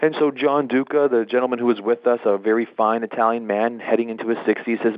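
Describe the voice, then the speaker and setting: A man's voice: mid-range voice, flat delivery, fast, hardly any pauses, dry recording. A man hosting a motivational session on a conference call, telling a story in a folksy, conversational way and repeating phrases for emphasis. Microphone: phone. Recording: dull lo-fi phone line.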